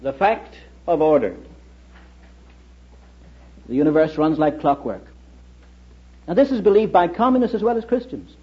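A man's voice: on the high side, lively intonation, moderate pace, pauses often. Middle-aged man lecturing on a dull old recording. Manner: storytelling with rhetorical questions. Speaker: lecturer and historian. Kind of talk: public lecture to an audience.

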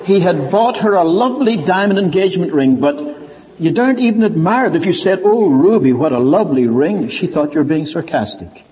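An older man preaching a sermon, telling stories and swinging between quiet low asides and raised, emphatic points. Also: lively intonation, brisk, a crowd in the background. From Ireland. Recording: reverberant hall.

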